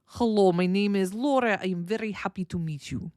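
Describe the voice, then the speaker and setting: A woman's voice: mid-range voice, fairly quick, a little mellow, no room sound, clean studio sound, close to an everyday voice. A woman putting on a caricatured Russian accent, speaking stiffly and formally in an exaggerated, playful way. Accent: mock Russian.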